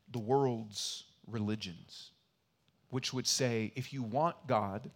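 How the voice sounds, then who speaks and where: A man preaching a sermon as pastor, earnest and repetitive for emphasis, swinging between loud emphatic lines and quiet asides. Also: mid-range voice. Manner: earnest, repeats key phrases for emphasis. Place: church.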